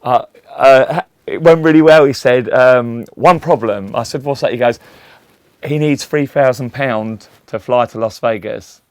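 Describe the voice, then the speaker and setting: A man's voice: mid-range voice, measured pace, no room sound. A middle-aged man, telling rambling anecdotes in a casual interview and acting out the voices of the people in them. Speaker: interview guest, tribute act to a famous singer.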